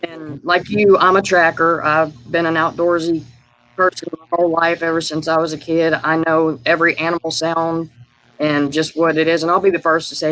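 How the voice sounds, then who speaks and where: High-voiced man telling a rambling story. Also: level tone, moderate pace, fairly bright tone, rough recording. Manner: rambling, many fillers and restarts. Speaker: guest sharing field experiences. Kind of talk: casual storytelling on a live call.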